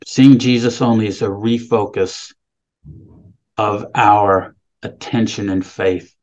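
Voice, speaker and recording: A man's voice: lowish voice, fairly even intonation, slow, darkish tone, lo-fi sound. A man preaching a sermon, reading scripture aloud with rising emphasis and then explaining it plainly. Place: California, speaking remotely.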